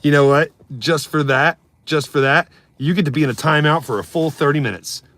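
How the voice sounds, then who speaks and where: A man's voice: on the high side, a little fast, fairly bright tone, dry recording. A man live streaming, ranting casually and mocking his chat in a brash, swearing way. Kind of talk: casual comedic rant.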